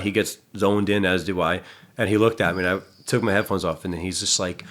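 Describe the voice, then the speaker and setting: A man's voice: sits low, fairly even intonation, fast talker, a bit bright. A man working as a gym trainer, talking in a casual podcast chat. He is blunt, swears freely and acts out the people in his stories. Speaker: personal trainer and gym staff.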